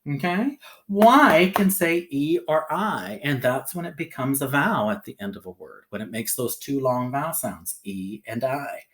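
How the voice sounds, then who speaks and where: Male phonics teacher, patient and sing-song, lively pitch, sounds out letters slowly. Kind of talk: phonics lesson for children.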